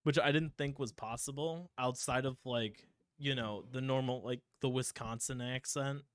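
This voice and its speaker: Brief: Midwestern male podcaster, dry close mic, casual and animated. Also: mid-range voice, normal speed, clean tone, dry recording. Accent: Midwestern American. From Ohio, USA. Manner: animated storytelling, swears casually. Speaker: podcast co-host. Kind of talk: casual chat.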